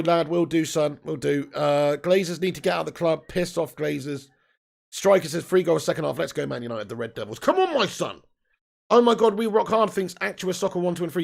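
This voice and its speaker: A man in his thirties hosts a live football watch-along stream, chatting casually and reading out viewer messages. His voice has a heavy gravelly fry and sits a little high for a man. He laughs often and swears freely. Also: darkish tone.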